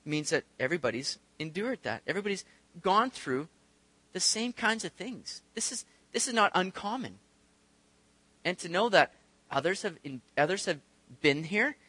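A man's voice: fairly high pitch, pushed and bright, dry recording. A man preaching a conversational sermon, acting out the voices of the people in his stories. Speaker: pastor. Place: church sanctuary.

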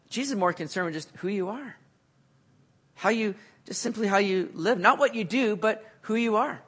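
A man preaching a sermon, earnest, building to emphatic peaks and then dropping back low. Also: fairly bright tone, husky.

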